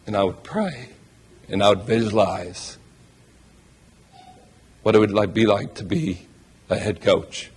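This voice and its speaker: A man's voice: on the low side, a little slow, long pauses, husky. A man speaking as a new head basketball coach at a press conference, heartfelt, emotional and thankful.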